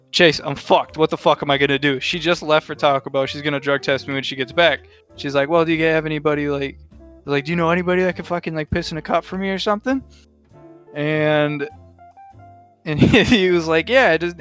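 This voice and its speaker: A man's voice: fairly high pitch, a bit bright, smooth. Profane young man telling stories. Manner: profane, rambling, laughs while telling stories. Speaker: podcast co-host. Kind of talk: casual storytelling chat.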